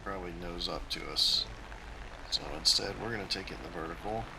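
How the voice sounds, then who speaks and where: A man's voice: low-pitched, fairly quick, gravelly, noisy background. A man hosting his own gaming channel, giving a casual, tactical play-by-play of his flight game as he plays.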